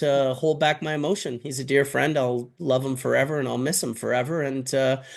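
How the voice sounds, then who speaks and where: A man hosting a casual live stream chat from his office, loud, joking and swearing as he tells stories. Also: medium pitch. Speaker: host.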